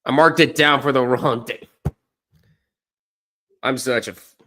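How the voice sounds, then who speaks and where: A man's voice: medium pitch, steady tone, a little slow, long pauses, bright, forceful tone. A man chatting casually on a live stream as he watches college basketball, rambling, correcting himself and poking fun at himself. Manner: rambling, self-correcting, self-deprecating.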